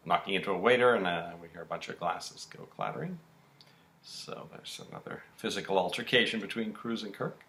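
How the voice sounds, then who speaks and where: Gravelly lively man recapping a soap. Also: sits low. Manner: animated storytelling, acting out quotes. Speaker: podcast co-host. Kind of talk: casual episode recap.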